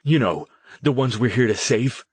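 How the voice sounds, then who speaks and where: A man voicing a furious young man who yells in disbelief, his voice shaking. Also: high voice, sing-song, unhurried, breathy edge, pitched above the performer's own voice, full character voice. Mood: demanding. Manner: screaming, shaky.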